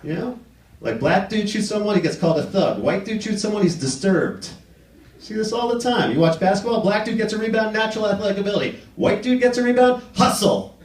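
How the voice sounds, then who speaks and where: High, lively-voiced male stand-up comic. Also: a little fast. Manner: animated, acts out quoted people in put-on voices. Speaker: stand-up comedian. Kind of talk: stand-up comedy set. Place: live comedy theater with audience laughter. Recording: roomy live recording from a distance.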